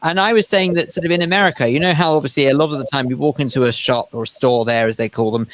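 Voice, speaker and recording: A man co-hosting a radio chat show, chatty and teasing, with quick asides. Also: medium pitch, no echo. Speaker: radio co-host.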